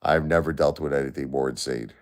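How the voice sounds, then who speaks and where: A man's voice: very deep voice, fairly quick, clear, resonant tone. A man hosting a live stream, talking in an exhausted, distressed way and repeating himself. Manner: weary, distressed, repetitive. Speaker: livestream host. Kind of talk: emotional live stream talk to chat.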